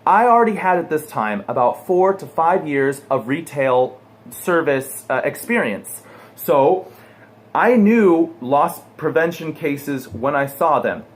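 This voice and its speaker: Man from the US, storytelling vlogger, animated, voice rising and falling a lot. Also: a little high, slow. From United States. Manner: animated storyteller, acts out quotes. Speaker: pool guy vlogger. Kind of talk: personal anecdote told to camera.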